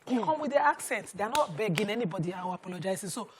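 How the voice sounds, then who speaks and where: A woman's voice: medium pitch, expressive, fast, crowd noise. A Nigerian woman co-hosting a talk show, speaking bluntly and animatedly and dropping Pidgin phrases into her English. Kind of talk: studio panel discussion.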